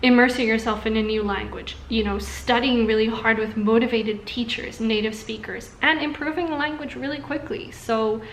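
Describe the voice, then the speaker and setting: A young woman chatting to camera about language learning, upbeat and quick to laugh. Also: fairly high pitch, fairly even intonation, reverberant, slight background noise. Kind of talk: casual talk to camera. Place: room indoors in Singapore during a thunderstorm.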